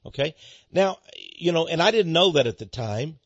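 A man's voice: fairly high pitch, animated, moderate pace, fairly bright tone, husky, no echo. A male pastor giving a folksy, storytelling sermon on a dull, lo-fi recording. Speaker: pastor and ministry head. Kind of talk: radio sermon monologue.

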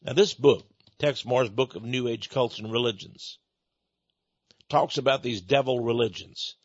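A man's voice: medium pitch, measured pace, no room sound. A man preaching a storytelling sermon about his ministry, repeating and restarting words as he talks, in a dull lo-fi recording.

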